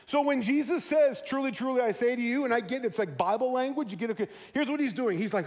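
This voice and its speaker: A man's voice: very high-pitched, animated, fast, few pauses. A man in his forties preaching a sermon to his congregation, who acts out the voices he quotes. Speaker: pastor. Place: church sanctuary. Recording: reverberant church hall.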